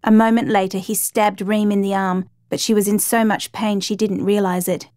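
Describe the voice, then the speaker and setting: A woman narrating a true crime story in a steady, measured reading voice. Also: medium pitch, no echo.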